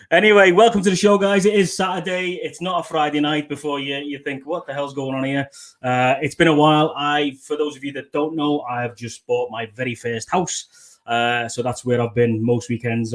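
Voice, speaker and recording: A man hosting a casual motorcycle livestream, chatty and jokey, swearing casually. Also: mid-range voice. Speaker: livestream host. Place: Alberta home.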